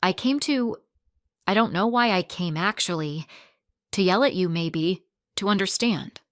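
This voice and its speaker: A woman voicing an uneasy, defensive middle-aged woman who talks haltingly. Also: on the low side, expressive, dry recording, clean studio sound.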